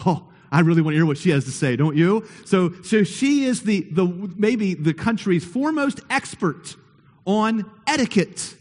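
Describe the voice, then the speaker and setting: A man's voice: sits high, big pitch swings, normal speed, a little mellow. A man preaching a sermon to his congregation in a church, playful and conversational, often asking them questions. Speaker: pastor. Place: church sanctuary. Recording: long hall reverb.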